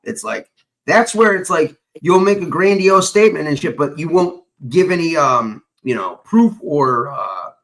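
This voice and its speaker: A man's voice: a little high, expressive, unhurried, fairly bright tone. A man hosting a casual chat stream, rambling and profane with lots of fillers.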